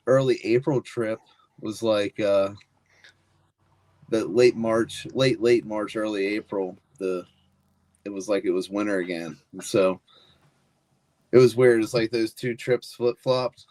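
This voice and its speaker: Low-voiced man guest, dry sound. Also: slow pace, long pauses, darkish tone, no echo. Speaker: podcast guest. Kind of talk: casual chat.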